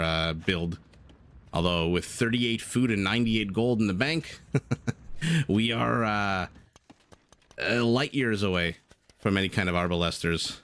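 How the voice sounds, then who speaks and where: Low-pitched yet a bit bright, a man's voice carries a live esports broadcast of a strategy game. Between plays he chats and laughs with his viewers.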